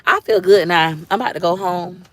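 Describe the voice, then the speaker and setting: A lively woman with an African American accent talks casually to her livestream viewers. She chats in a loose, animated way and often jumps into high, mocking voices when she quotes other people. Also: a little fast. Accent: African American English. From Tampa, Florida. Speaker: livestream host.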